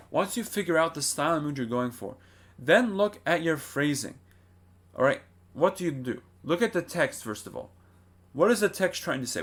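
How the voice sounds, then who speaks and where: A man's voice: on the high side, fairly bright tone. A man giving a singing lesson, explaining in a plain way and often checking in with rhetorical questions. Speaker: singing teacher. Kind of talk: vocal lesson to camera.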